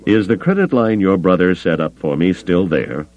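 Male narrator as a cool, clipped smuggler captain, deep voice, lively delivery, dull lo-fi recording. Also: normal speed. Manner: cool, curt, dry.

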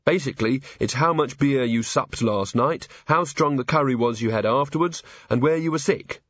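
A man's voice: mid-range voice, normal speed, a bit bright, no echo, muffled recording, natural voice. A man voicing a blunt, worldly young woman constable in a storybook reading, matter-of-fact and wry.

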